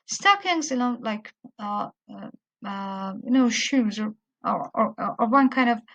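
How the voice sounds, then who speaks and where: A woman teaching literature, patiently explaining a poem and slowing down to stress quoted lines. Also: a little high, lively intonation, vocal fry, a bit bright, lo-fi sound. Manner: patient, repeats words while explaining. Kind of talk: explanatory lecture with poem reading.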